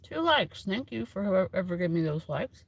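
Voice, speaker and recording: Gravelly-voiced woman chatting on a livestream. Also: on the low side, normal speed, dark tone, no room sound. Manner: chatty and rambling, many fillers, laughs often. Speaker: tarot reader hosting a livestream. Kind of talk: casual livestream chat. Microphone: phone.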